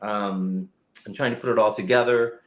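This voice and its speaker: Calling in from home, where he has a lighting kit set up, this guest voice actor from Cleveland, Ohio talks on a casual live-stream interview. He has a fairly low, steady, fairly bright voice at normal speed, and his reflective explanations are loaded with fillers. There's a roomy echo on the audio.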